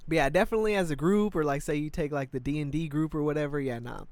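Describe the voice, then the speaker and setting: A man's voice: on the high side, quick pace, no echo. A man co-hosting a podcast, telling stories in casual slangy chat with lots of "bro". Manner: animated storytelling, slangy, says "bro" often. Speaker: podcast co-host.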